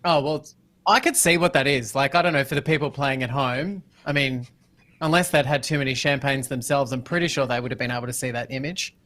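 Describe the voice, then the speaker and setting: Bright-voiced teasing male co-host. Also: mid-range voice, brisk. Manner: teasing and animated. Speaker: co-host joining remotely. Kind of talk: casual chat show banter.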